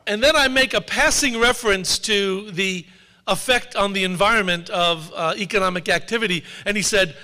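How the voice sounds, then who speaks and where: Man, author giving a talk, high bright voice, wry storyteller, long hall reverb. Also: moderate pace. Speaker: author and speaker. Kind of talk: public talk to an audience.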